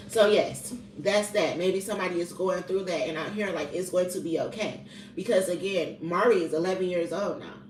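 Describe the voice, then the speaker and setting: Woman in her 30s, candid vlog storyteller, blunt and profane; roomy echo, set back from the mic. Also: fairly low pitch. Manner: blunt and profane, with colloquial grammar. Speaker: vlogger sharing personal testimony. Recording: roomy echo, distant from the mic, faint background noise.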